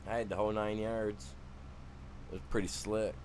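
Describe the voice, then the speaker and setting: A man's voice: fairly low pitch, flat delivery, normal speed, a little mellow, a little hiss or hum. A man from Michigan with a Michigan accent, chatting casually while streaming a game, rambling and slangy. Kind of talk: casual gameplay chat.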